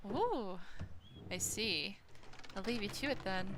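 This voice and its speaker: A woman's voice: medium pitch, slow pace, long pauses, a bit bright, a little hiss or hum. A woman streaming a game in casual chat, thinking aloud, asking her chat questions and gushing over cute things. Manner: gushing and easily delighted. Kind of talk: casual gameplay commentary.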